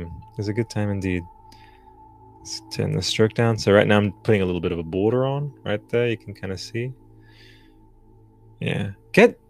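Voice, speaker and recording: A man's voice: lowish voice, creaky. A man in his thirties hosting a live stream, chatting casually in a loose, profane, hyped-up way. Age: 30s. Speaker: podcast host.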